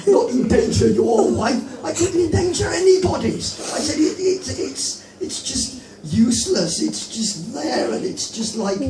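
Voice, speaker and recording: An English man doing rambling, animated open-mic stand-up storytelling. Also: very high-pitched, unhurried, few pauses. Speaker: stand-up comedian. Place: comedy club. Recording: echoey club from a distant mic with music.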